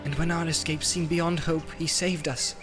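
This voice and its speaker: A man's voice: a little high, level tone, normal speed, music in the background, pitched above the performer's own voice, lightly acted. A man doing an earnest young hobbit. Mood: sorrowful.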